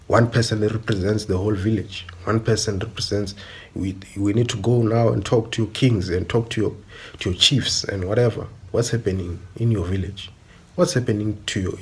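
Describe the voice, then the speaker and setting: A man's voice: lowish voice, slightly rough. A young man with a South African accent, giving an emphatic opinion monologue full of repetition and rhetorical questions.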